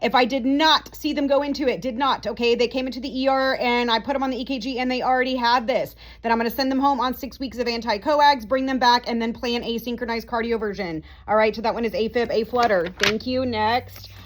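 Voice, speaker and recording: Upbeat woman tutor with a slightly high voice, talks fast, playful storyteller. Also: steady tone. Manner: fast, chatty, playful, keeps checking with "okay?". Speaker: nursing tutor. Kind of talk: animated teaching with storytelling.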